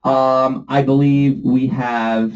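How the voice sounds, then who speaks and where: A man's voice: medium pitch, flat delivery, slow pace, rough recording. A man co-hosting a casual movie podcast, playful and jokey, fond of silly accents. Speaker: podcast co-host.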